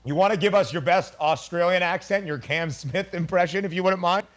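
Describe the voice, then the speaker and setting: A man hosting a sports betting show, joking with passers-by and his producer in quick, playful questions. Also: high-pitched. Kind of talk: playful street interviews and betting banter.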